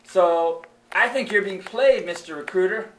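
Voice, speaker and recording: A man voicing a calm, skeptical young activist puppet who speaks quietly in a live puppet show, recorded in an echoey hall. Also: high voice, measured pace, a little hiss or hum. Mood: lecturing.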